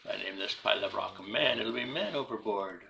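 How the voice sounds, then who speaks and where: A man with a gravelly, creaky voice chats his way through a live game stream, narrating every move and greeting viewers by name. The audio is noisy, with a steady hiss behind his desktop mic. His talk is casual and rambling. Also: lowish voice, a little fast. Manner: chatty, talks through each move and greets chat by name.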